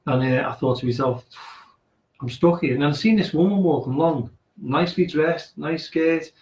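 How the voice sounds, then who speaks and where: Here a radio show guest, a man with a fairly high but darkish voice at normal speed, meanders through a ghost story. He voices each person's dialogue as he goes, recorded in an echoey room.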